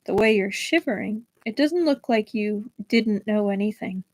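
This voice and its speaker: A woman's voice: medium pitch, normal speed, close to an everyday voice, low-quality recording. A woman reading aloud and voicing a blunt, sardonic young nobleman with an overbearing manner.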